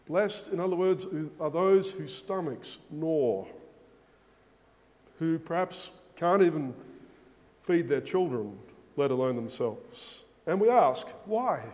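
A man's voice: on the high side, expressive, takes it slowly, a little mellow. A man preaching a sermon, speaking emphatically and asking rhetorical questions. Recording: long hall reverb.

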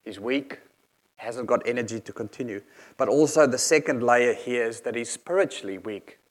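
A man's voice: medium pitch, normal speed. A man preaching a sermon in an earnest, explanatory manner, reading scripture aloud and unpacking each verse.

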